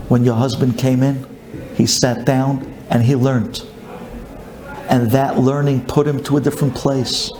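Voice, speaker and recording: A man's voice: medium pitch, creaky, darkish tone. A male rabbi giving a storytelling sermon, emphatic and repeating key phrases. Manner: emphatic, rhetorical questions, repetition.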